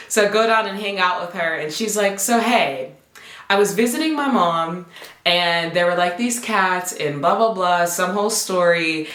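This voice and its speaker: A young woman spins a casual storytime for her vlog, chatty and animated, slipping into the voices of people she quotes. Her voice sits a little low for a woman, and the room around her rings with echo. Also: normal speed. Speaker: vlogger. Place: home apartment. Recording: echoey room.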